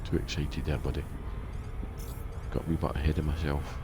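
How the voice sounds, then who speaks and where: Deep-voiced gamer, casual and excitable, with audible background noise. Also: male voice, moderate pace. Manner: chatty, excitable, swears freely. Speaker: game streamer. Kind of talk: casual live-stream chat.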